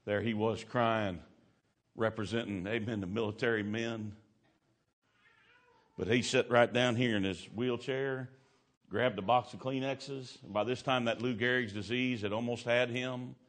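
A man preaching a sermon in a folksy, colloquial way. He swings from loud, climbing exclamations to hushed storytelling. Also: mid-range voice, fairly even intonation, measured pace.

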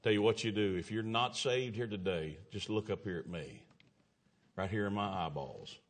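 A man's voice: lowish voice, normal speed. A middle-aged man preaching an evangelistic sermon, folksy and exclamatory, telling stories and acting out the voices in them.

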